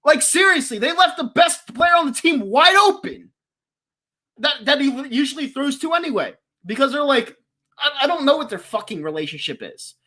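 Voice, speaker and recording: A woman in her twenties from the Philadelphia area, hosting a live stream and ranting about her team in a passionate, exasperated, yelling way. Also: high voice, sing-song, moderate pace. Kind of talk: heated live-stream sports rant.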